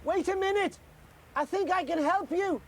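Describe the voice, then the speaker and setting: A man voicing an eager, polite little girl in a storybook reading, sounding excited and earnest. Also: very high-pitched, moderate pace, voice pushed up.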